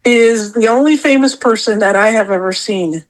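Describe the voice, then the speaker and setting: A woman appearing as a podcast guest shares a personal story in a casual chat, rambling emotionally, repeating herself often, and at times tearing up. Her voice is slightly high and moves at a normal speed, though the audio quality is poor.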